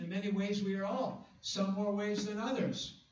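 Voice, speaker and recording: A man preaching a sermon, reading scripture slowly and with emphasis, with fillers and restarts. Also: high-pitched, steady tone, a little mellow, a little hiss or hum. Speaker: pastor. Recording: echoey, distant, dull room recording.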